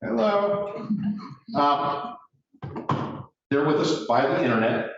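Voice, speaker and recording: A man's voice: a little high, sing-song, takes it slowly, creaky, fairly bright tone, a little hiss or hum. A man giving a joking, self-deprecating speech at a ceremony. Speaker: speaker at a ceremony. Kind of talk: casual speech. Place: courtroom. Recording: echoey room from far off, dull.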